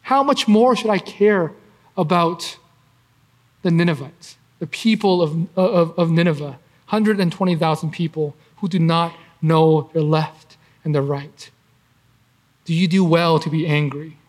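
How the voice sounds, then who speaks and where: A man's voice: a little high, a little slow. A man giving conversational Bible teaching as a preacher, earnest, asking rhetorical questions and often restarting his phrases.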